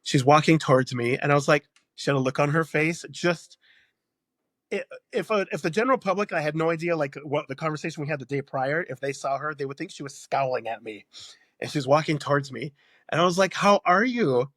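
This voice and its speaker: A man working in hotel customer service, a podcast guest telling animated stories and laughing often. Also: fairly high pitch, fairly quick, no echo, studio quality. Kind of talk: casual storytelling.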